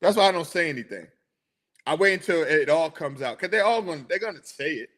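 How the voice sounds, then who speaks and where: A young man hosting a sports podcast, chatting in a rambling, animated way and answering his listeners. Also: on the high side, a little fast. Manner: rambling, animated, talks to chat viewers. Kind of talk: casual chat.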